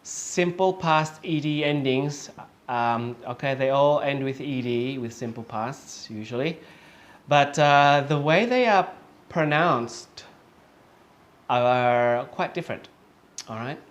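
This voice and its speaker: A man teaching English, speaking slowly and patiently, repeating example words several times and checking in with "okay?" often. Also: mid-range voice. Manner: slow and patient, with many fillers and checks of "okay?". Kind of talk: online lesson.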